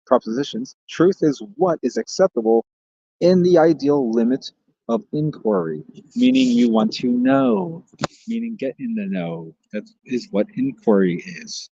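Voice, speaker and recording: A man's voice: medium pitch, very animated, normal speed, creaky, warm tone, breathy edge, no echo, lo-fi sound. A man hosting a livestream, chatting casually and joking as he rambles and reads out viewer comments. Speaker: livestream host.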